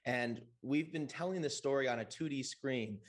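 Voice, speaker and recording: A man speaking as a VR game developer on a convention panel, eager but halting, with many "uh"s. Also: mid-range voice. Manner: enthusiastic, halting, heavy with fillers.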